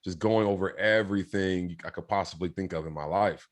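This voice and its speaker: Man, very low voice, interview guest, casual storytelling, earnest, lots of fillers and restarts. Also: brisk. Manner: rambling, many fillers and restarts; reflective, earnest.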